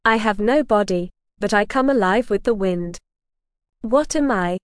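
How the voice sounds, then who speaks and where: Wise old frog gentleman, voiced by a woman, formal riddling manner, smooth voice, dry close sound, storybook. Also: mid-range voice, measured pace, no echo, close to an everyday voice.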